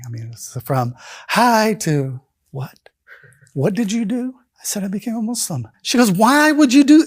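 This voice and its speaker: Animated storytelling man, dry sound. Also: mid-range voice, dry recording. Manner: animated, acts out voices. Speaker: convert telling his story. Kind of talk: storytelling talk.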